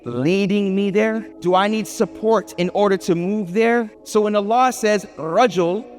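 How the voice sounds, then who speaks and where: A man delivers a lively lecture, pitched fairly high and throwing questions to the audience. He acts out small everyday scenes as he goes. His voice rings in a reverberant hall over faint music. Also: a little slow. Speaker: Islamic speaker.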